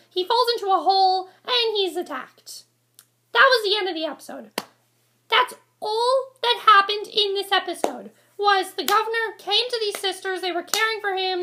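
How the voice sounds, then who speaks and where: A woman's voice: very high-pitched, bright, forceful tone. A woman giving a casual, exasperated review rant to camera, rambling and repeating herself. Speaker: vlogger reviewing a TV episode.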